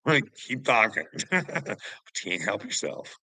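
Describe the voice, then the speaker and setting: Canadian guy streaming, slow mocking talk, keeps laughing at his chat, dry close sound. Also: lowish voice, big pitch swings, creaky, sharp tone, husky, dry recording, rough recording. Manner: taunting, laughs often between phrases; addresses chatters by name, mocking. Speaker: livestreamer. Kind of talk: casual livestream chat with viewers.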